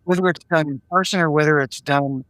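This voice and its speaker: Animated storytelling man, dry close sound. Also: on the high side, brisk, no echo. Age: older. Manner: animated storyteller who acts out dialogue and repeats words. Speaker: executive coach and podcast guest. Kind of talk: conversational interview storytelling.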